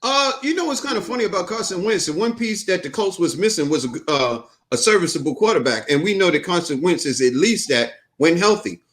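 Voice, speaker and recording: A man co-hosting a casual sports talk show, ranting and joking with animated energy. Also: high voice, a little fast, hardly any pauses. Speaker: co-host.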